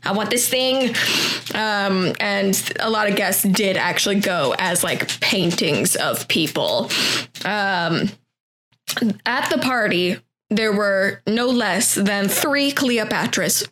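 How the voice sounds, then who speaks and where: A woman's voice: mid-range voice, lively intonation, takes it slowly, a bit bright. A woman casually recounting a historical party as a podcast co-host, with wry asides and swearing.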